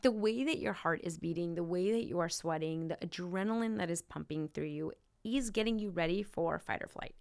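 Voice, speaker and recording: A woman's voice: lowish voice, creaky, no echo, clean studio sound. A young adult woman hosting a podcast, talking through advice in a casual monologue full of "like" and "right?" asides. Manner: conversational, many "like" and "right?" asides. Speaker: podcast host.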